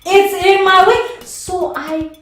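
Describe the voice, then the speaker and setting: High-voiced, animated, Trinidadian accent, young woman, very echoey room. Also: slow pace, recorded from a distance. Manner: animated, acts out voices of friends and herself. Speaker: vlogger. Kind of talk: casual storytelling to camera. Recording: very echoey room with faint music.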